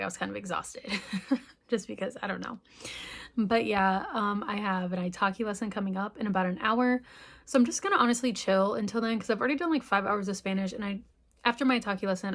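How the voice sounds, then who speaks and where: A woman in her twenties talking in a casual vlog, chatty and giggly, full of "like". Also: mid-range voice. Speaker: vlogger.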